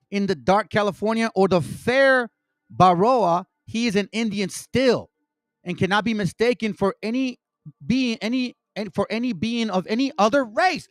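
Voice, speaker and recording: High, animated man ranting in commentary. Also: dry recording. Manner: heated, ranting, profane, stumbling restarts. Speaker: channel host. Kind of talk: online commentary, reading aloud and reacting.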